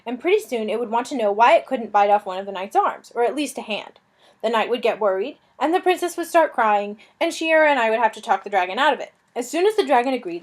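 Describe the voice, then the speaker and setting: A woman reading a children's fantasy novel aloud, telling it in a lively, expressive way. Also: on the high side. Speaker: reader.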